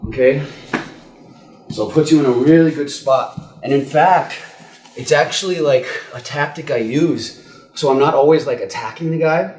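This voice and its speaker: A man with a slightly high, somewhat mellow voice, speaking at a normal speed, teaches jiu-jitsu escapes in a casual indoor gym demo. He repeats himself, keeps asking "okay?", and sometimes strains for breath while in a choke. The room sounds echoey.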